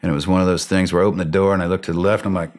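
A middle-aged man, a former special operations soldier, telling a war story in a podcast interview, animated and blunt, acting out the dialogue. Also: low voice, rapid-fire.

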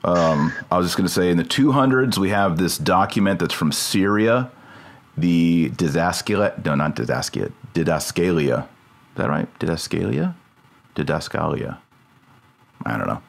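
A man's voice: deep voice, lively intonation, fairly quick, gravelly. A man hosting a podcast, talking through a subject casually and checking terms as he goes. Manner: thinks aloud, checks terms mid-sentence. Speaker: podcast host. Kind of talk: casual discussion.

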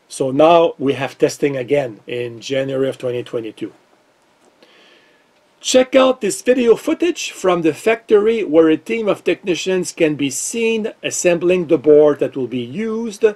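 Exasperated French-accented tech vlogger man. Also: fairly high pitch. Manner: exasperated, incredulous, thinks out loud. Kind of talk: casual commentary to camera.

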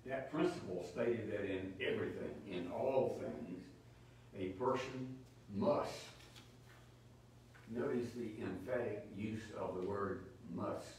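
A low-pitched man gives an emphatic teaching sermon, throwing rhetorical questions at his listeners. He is picked up from a distance, and his voice rings around a very echoey church. Faint noise hums underneath. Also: unhurried, few pauses, darkish tone. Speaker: preacher teaching Bible study.

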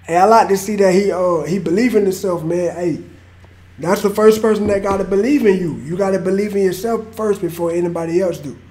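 A man hosting a reaction video responds to a freestyle with laid-back slang, hyping up the rapper and calling people "bro." His voice is high, a little mellow, and fairly quick.

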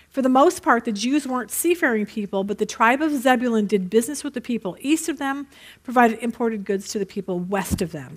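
Chatty woman teaching Bible study. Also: a little high. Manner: chatty, checks in with listeners with "okay?"; lively storyteller.

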